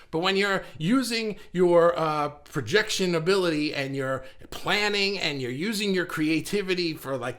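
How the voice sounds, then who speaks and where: A middle-aged man talks casually on a live stream, rambling through his thoughts with plenty of fillers and easy laughs at his own jokes. His voice sits a little higher than most men's. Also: fairly bright tone. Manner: chatty and rambling, laughs at himself, many fillers. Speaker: live stream host reading viewer comments.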